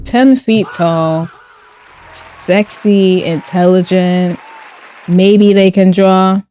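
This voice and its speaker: A woman's voice: mid-range voice, warm tone. A woman art streamer who chats casually while she draws. She reads her chat aloud, answers with playful sarcasm and laughs often.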